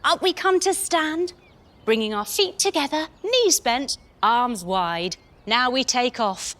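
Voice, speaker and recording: A woman's voice: sits high, lively intonation, takes it slowly, a bit bright. A woman in her thirties leading a children's yoga story, playful and sing-song, with gasps and sound effects. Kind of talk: storytelling yoga lesson for kids.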